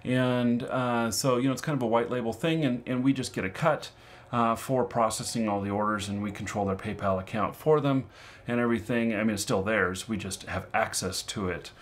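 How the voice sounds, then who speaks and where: A man talking casually to his viewers about avoiding fraud, rambling along with plenty of filler words. His pitch sits in an ordinary middle range for a man. The delivery is loose and conversational rather than scripted. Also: steady tone, moderate pace. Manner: rambling, full of "you know" and "um" fillers. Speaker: online game-currency seller and fraud consultant. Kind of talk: casual advice talk to camera.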